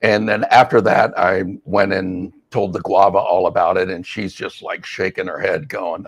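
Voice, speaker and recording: A man's voice: sits low, steady tone, normal speed, creaky, no room sound. A man, a mindfulness coach and podcast co-host, telling a rambling story in casual chat. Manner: rambling storyteller, acts out quoted voices, laughs easily.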